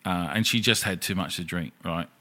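Bright-voiced man telling stories. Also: deep voice, fairly quick. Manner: blunt, storytelling, swears freely. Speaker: podcast co-host. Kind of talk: casual crude banter.

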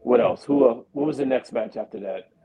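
A man co-hosting a podcast, giving blunt, animated opinions in casual chat. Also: mid-range voice, brisk, gravelly, rough recording. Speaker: podcast co-host.

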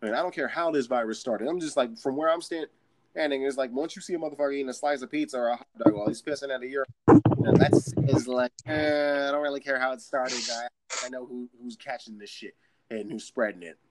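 A man's voice: medium pitch, fast talker, background noise. A man who works in a store, telling a long, profane, ranting story about crowds and customers in a casual chat. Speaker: retail store worker. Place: San Jose.

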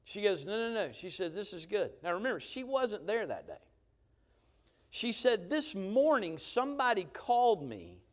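A man preaching a sermon, telling a story with lively emphasis and often checking in with the crowd. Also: high voice. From Georgia. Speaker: pastor.

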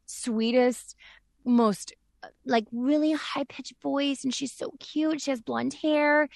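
A woman's voice: sits high, steady tone, slow pace, vocal fry, no echo, clean studio sound. A woman who works as a voice actress and director, talking openly and chattily as a podcast guest and acting out sounds in her stories. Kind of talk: candid casual podcast chat.

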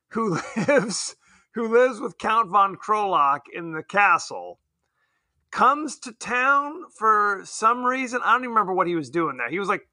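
Bright-voiced man joking about movies. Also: high-pitched, dry recording, studio quality. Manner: rambling, joking, quick to laugh. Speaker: podcast co-host. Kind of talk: casual movie chat.

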